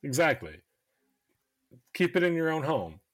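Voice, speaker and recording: A man's voice: on the high side, big pitch swings, unhurried, a bit bright. A man hosting a basketball podcast, chatting in a laid-back way, laughing often and swearing casually. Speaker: podcast host. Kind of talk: casual chat.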